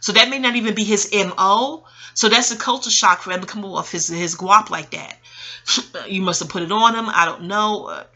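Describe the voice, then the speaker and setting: Bright, chatty, profane woman rambling. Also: medium pitch, moderate pace. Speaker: online commentary creator. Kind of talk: rambling casual monologue.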